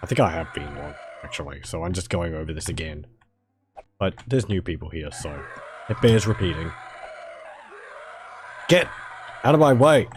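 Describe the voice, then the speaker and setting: A man with a mild Australian accent and a hoarse, fading voice, chatting casually to viewers while streaming a video game. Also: extremely low pitch, brisk, a little mellow, slight background noise. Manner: chatty, rambling, talks to chat viewers.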